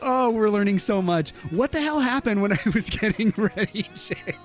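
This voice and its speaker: Faint background music accompanies this man's lively livestream, where he chats casually, reads out viewers' comments, and laughs a lot. His voice sits high, his delivery is animated, and he talks at a normal speed.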